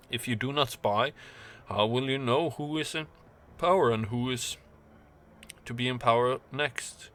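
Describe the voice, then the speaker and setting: A man's voice: mid-range voice, sharp tone. A man voicing a courtly male information broker who speaks in a polite, ornate way.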